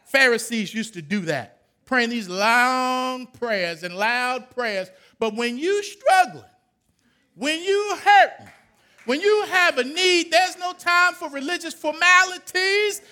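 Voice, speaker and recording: A man, preaching a sermon that swings from low, quiet talk to loud shouted calls. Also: lively intonation, takes it slowly. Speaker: pastor.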